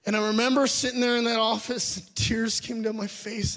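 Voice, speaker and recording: A man's voice: very high voice, flat delivery, fairly quick, fairly bright tone. A young adult man preaching a sermon, telling a personal story earnestly and asking the audience questions. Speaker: pastor.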